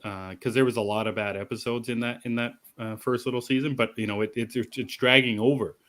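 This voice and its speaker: A man's voice: medium pitch, fairly even intonation, a little fast, a bit bright. A man co-hosting a casual geek podcast, talking in a rambling way with many restarts. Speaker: podcast co-host. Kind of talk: casual chat.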